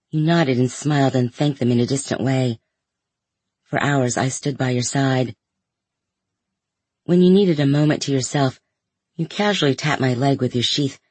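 A man reading a first-person story aloud in a measured, even way. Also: mid-range voice, slightly rough, no room sound. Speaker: audiobook narrator.

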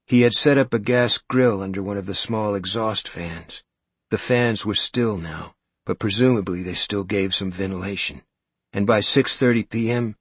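A man reading a story aloud as narrator, with a measured, suspenseful delivery. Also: on the low side, slightly rough, dry recording. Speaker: audiobook narrator. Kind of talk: scripted narration.

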